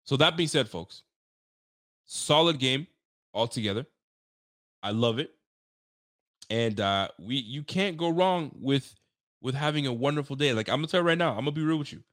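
A man's voice: medium pitch, expressive, normal speed, long pauses, fairly bright tone, dry recording, studio quality. A man from Canada who grew up speaking French and Creole, hosting a post-game show in a hyped, joking, trash-talking way. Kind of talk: casual sports talk stream.

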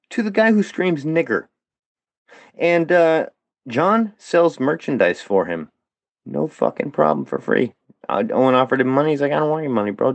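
A man's voice: fairly high pitch, vocal fry, no room sound, dull audio. A man telling a long story as a podcast guest, swearing constantly and tossing in "dude" and "bro". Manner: profane, animated, peppers speech with "dude" and "bro". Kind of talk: casual storytelling.

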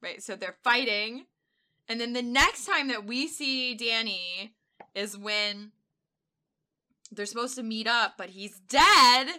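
A woman co-hosting a podcast in casual chat, rambling with lots of fillers and quick laughs. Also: a little high, sharp tone. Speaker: podcast co-host.

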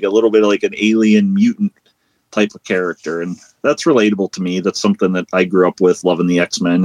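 A man's voice: on the low side, no room sound. Rambling man from Western Pennsylvania. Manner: rambling, filler-heavy. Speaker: host. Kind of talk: casual chat.

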